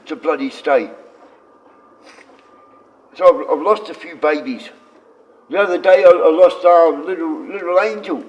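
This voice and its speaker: A man who sounds sick, rambling and swearing on a live stream, his voice often sinking low and quiet. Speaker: livestreamer. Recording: dull lo-fi stream audio.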